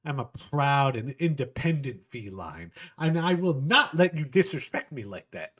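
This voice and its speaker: A man's voice: medium pitch, lively intonation, moderate pace, a bit bright, husky. A man voicing a proud, fiery young cat-woman who is haughty and indignant.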